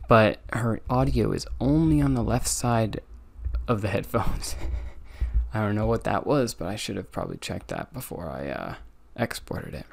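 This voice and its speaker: A tired, yawning young man hosts his own solo podcast, casually rambling through a review with lots of ums and self-critical asides. His voice sits on the low side with vocal fry.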